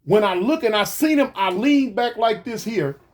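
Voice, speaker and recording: A man casually recounting a past event, animated, stumbling over restarts and mouthing gunshot sounds. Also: sits high, normal speed. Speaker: guest recounting a shooting. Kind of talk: casual storytelling.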